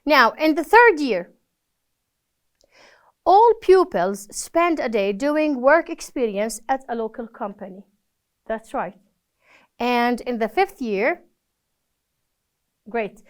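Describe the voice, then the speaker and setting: High, smooth-voiced woman teacher. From Palestine. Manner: patient, encouraging, gives praise after each answer. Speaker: English teacher. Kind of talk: recorded classroom lesson.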